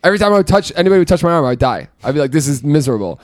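A man hosting a casual chat among friends, telling animated, teasing stories. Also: on the high side, dry recording, studio quality. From from an Irish Catholic family. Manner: fast, animated storytelling, teasing. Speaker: podcast host.

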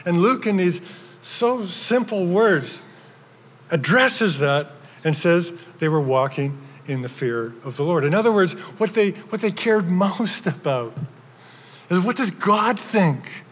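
A man's voice: high voice, lively intonation, slow, breathy edge. A man preaching a sermon as pastor, earnest, with frequent restarts and building emphasis. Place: church sanctuary. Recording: long hall reverb.

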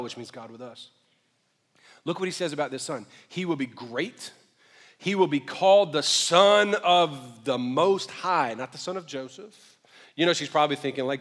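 A male pastor preaching a sermon in a conversational, joking way, dropping to quiet asides and rising to loud emphasis, and slowing down to read scripture. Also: on the high side. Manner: slows right down when reading scripture aloud. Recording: long reverb of a large hall.

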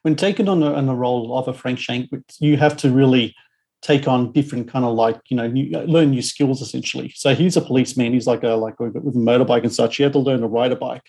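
A man's voice: medium pitch, quick pace, a little mellow. A man hosting a podcast, asking loose, filler-heavy questions and reading a sponsor ad. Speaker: podcast host. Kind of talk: interview questions and read ad.

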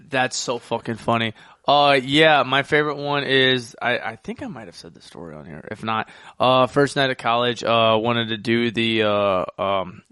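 A young man co-hosting a podcast, telling crude party stories in casual chat and acting out quotes loudly. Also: mid-range voice, normal speed, smooth, no room sound, studio quality. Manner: crude storytelling with loud acted-out quotes. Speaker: podcast co-host.

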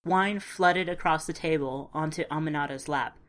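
A woman narrating a first-person story in a calm, measured, understated way. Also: low voice. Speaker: audiobook narrator.

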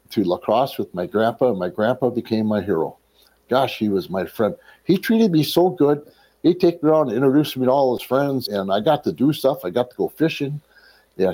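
A middle-aged man from Wisconsin gives a personal testimony, retelling his life in a storyteller's flow. His voice is mellow and warm, at an ordinary pitch for a man. He slips into the voices of the people he quotes and clears his throat now and then. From Wisconsin, USA. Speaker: ministry leader telling his life story.

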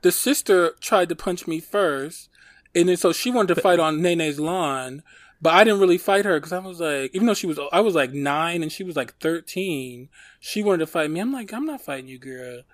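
A man's voice: a little high, moderate pace, no echo. Chatty man telling stories, dry sound. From Detroit. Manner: animated storytelling, lots of fillers. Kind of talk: casual chat.

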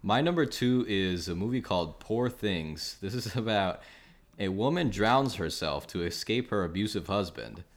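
A man with a very deep voice hosts a casual podcast. His delivery is steady and dryly wry. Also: moderate pace. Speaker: podcast host. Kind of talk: casual chat.

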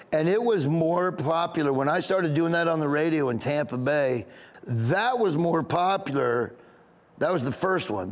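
A male stand-up comedian, guest on an interview, telling stories in an animated way and laughing often. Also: fairly high pitch. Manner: laughs often, excited, quick bursts. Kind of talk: animated storytelling.

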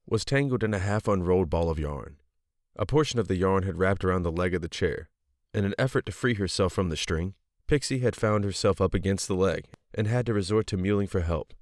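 A man with a very deep voice reads a story aloud in a steady, even narrating manner. The recording is dry and close, with no room sound. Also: dry recording. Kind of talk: audiobook narration.

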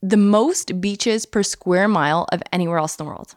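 A woman's voice: lowish voice, moderate pace, dry recording. Eager woman chatting in a dry, close sound. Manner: enthusiastic, eager to share facts. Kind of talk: casual chat.

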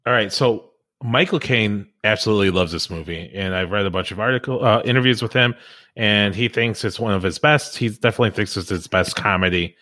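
A man's voice: fairly low pitch, fairly quick, pushed and bright. A man hosting a casual podcast, cheerfully quizzing his guests. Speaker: podcast host. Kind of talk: casual chat.

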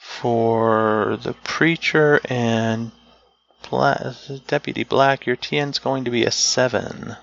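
A man narrating as game master of a tabletop game, unhurried and searching aloud for the right words. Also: medium pitch, steady tone, vocal fry, a bit bright, highs cut off.

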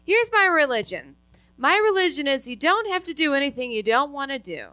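A woman doing stand-up on a club stage, in a mock-serene, deadpan delivery. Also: sits high, brisk, no echo. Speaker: stand-up comedian. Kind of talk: stand-up set.

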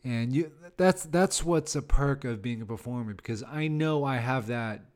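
A man's voice: mid-range voice, moderate pace, a little mellow. A man in his thirties, a comedian hosting a podcast, ranting in a casual, rambling, sarcastic way. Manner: rambling and sarcastic, with many fillers and laughs. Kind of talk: casual solo podcast rant.

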